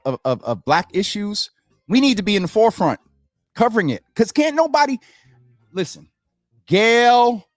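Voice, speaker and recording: Animated earnest man hosting a show. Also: on the high side, no room sound, clean studio sound. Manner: earnest, animated, addresses viewers as y'all. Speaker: host of a community talk show. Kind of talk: casual livestream commentary.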